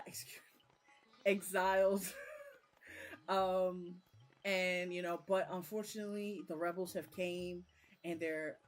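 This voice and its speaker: A young woman recapping a book chapter in a rambling, chatty way, full of fillers, on a casual live stream. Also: fairly low pitch. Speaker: book vlogger.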